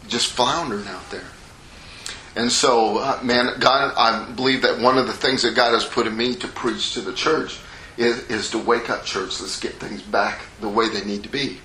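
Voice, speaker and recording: A middle-aged man preaches a sermon in a folksy, conversational manner, acting out the characters of a parable. His mid-range voice sounds pushed and bright, with slight background noise and an echoey room carrying faint ambience.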